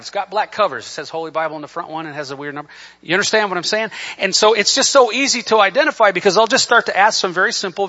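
A man preaching a sermon from the pulpit, swinging between emphatic, near-shouted scripture and quiet, conversational asides. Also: fairly high pitch. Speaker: pastor. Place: church sanctuary. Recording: dull lo-fi church recording.

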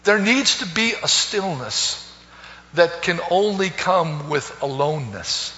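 High-voiced male preacher in an echoey hall. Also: lively intonation, takes it slowly. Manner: swings between soaring loud calls and hushed low phrases, repeats words. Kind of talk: sermon. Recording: echoey hall, dull lo-fi sound.

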